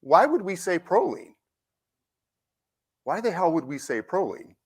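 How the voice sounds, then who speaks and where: Animated man lecturing at a conference. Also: sits high, a little slow, slightly rough. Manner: animated, conversational, frequent "right?" tag questions. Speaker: university researcher presenting. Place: conference symposium.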